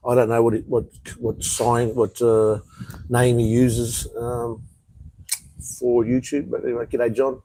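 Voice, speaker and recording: A man's voice: medium pitch, flat delivery, a little slow, mellow, slight background noise, rough recording. A man with an Australian accent, rambling in a laid-back way as he chats casually on a live stream from an outdoor patio. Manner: rambling, laid-back, reads out viewer comments. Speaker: vlogger.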